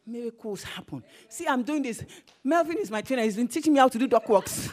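A woman preacher with a high voice delivers a lively sermon, her pitch leaping all over. She talks animatedly and breaks into bursts of shouting. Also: a little fast, slight background noise. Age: adult, married.

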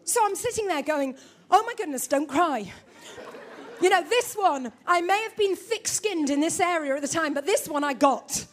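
A woman with a very high voice preaches in a lively, joking way, teasing the congregation as she goes. She sounds middle-aged and speaks from the front of a church. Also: normal speed, a faint crowd. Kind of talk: sermon.

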